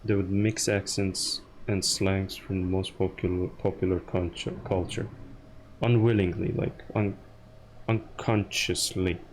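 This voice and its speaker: A man's voice: low voice, steady tone, unhurried, slight background noise. A man streaming a game, musing and rambling aloud to his chat in casual talk.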